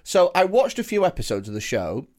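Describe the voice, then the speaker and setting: Male comedy podcast co-host, rambling casual storyteller, lively swinging pitch. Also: a little fast. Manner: rambling, animated storytelling with restarts.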